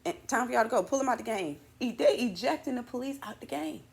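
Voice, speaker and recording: A woman hosting a morning show in a casual monologue, animated and slangy, full of playful asides to her viewers. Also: a little high, quick pace, vocal fry.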